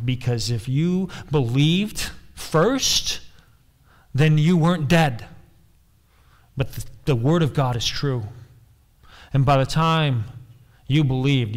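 A man preaching a sermon as pastor, emphatic, repeating key phrases and putting questions to the congregation. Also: medium pitch.

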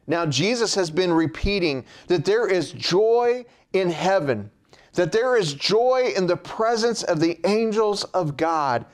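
A man preaching a sermon in a slow, measured way, his pitch dropping at the end of phrases.

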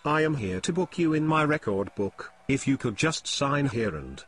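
Male actor as an eager, lively-voiced pushy fan chasing a signature, comedy skit. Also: mid-range voice, normal speed, slight background noise, natural voice. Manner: pushy, wheedling. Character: eager, pushy man with a record book.

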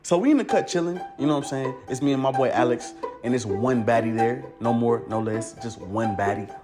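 A young man telling a story in a casual, slangy, animated way, acting out the voices himself. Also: mid-range voice, brisk. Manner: animated, slangy, acts out every voice. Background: music.

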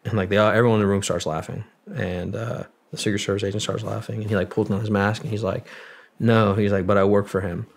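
A man in his twenties, a Marine veteran guest, telling a story in a halting, profane way with many fillers. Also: fairly low pitch, little pitch movement. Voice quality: gravelly, husky. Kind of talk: casual storytelling.

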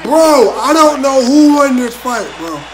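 Hyped guy with a high voice yelling at a boxing match, calls everyone bro, loud crowd in the background. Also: a little slow, rough recording. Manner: excitable, exclaiming and shouting at the action; slangy, peppers lines with "bro". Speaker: reaction video host. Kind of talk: live reaction to a boxing fight. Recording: arena crowd noise from the played fight behind.

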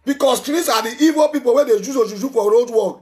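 A man with a Nigerian Pidgin English accent hosting a live call-in show, loud, scolding and repetitive. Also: extremely high pitch, fast talker. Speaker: talk show host taking calls.

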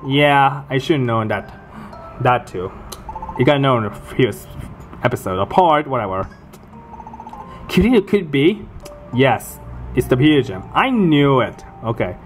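A man's voice: medium pitch, sing-song, unhurried, long pauses, faint music behind. A man giving casual commentary while he plays a video game, often exasperated, swearing and exclaiming at the game. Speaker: let's play gamer.

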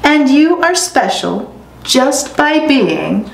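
A woman's voice: high voice, big pitch swings, takes it slowly, vocal fry, pitched above the performer's own voice, heavily acted. A woman reading a storybook aloud and voicing an earnest, hopeful young male rooster. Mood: encouraging. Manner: earnest, pleading storybook delivery. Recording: echoey room, faint noise.

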